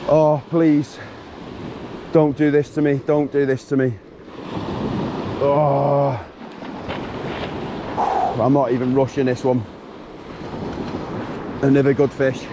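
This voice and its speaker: A man talking to himself and the fish as he shore fishes, in an excited running commentary, recorded outdoors on a beach on an action camera. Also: mid-range voice, slow, pauses often. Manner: exclaiming, talks to himself and the fish. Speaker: fishing vlogger. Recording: wind and surf noise outdoors.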